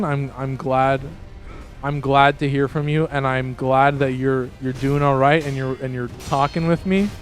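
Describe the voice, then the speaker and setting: A man livestreaming a game and chatting casually with his viewers, rambling with many restarts and sudden excited jumps in pitch. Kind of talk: casual livestream chat with viewers while gaming.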